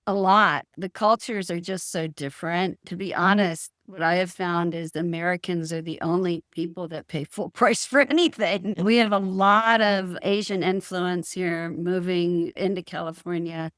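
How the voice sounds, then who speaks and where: Middle-aged female realtor guest, calm and sure of herself, dry close sound. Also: on the low side, moderate pace, hardly any pauses, no echo. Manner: calm, assured storytelling. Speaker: guest real estate professional. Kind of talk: casual podcast interview. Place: California.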